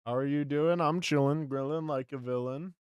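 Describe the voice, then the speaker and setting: A man's voice: on the high side, normal speed, a little mellow, smooth, dry recording. A young man streaming live, chatting casually with his chat, frustrated, swearing and repeating himself.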